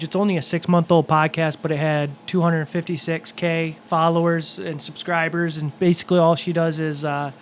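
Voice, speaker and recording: A man co-hosting a casual podcast, laying out news items in a steady, informative way. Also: a little high, slight background noise. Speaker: podcast co-host. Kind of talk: casual chat.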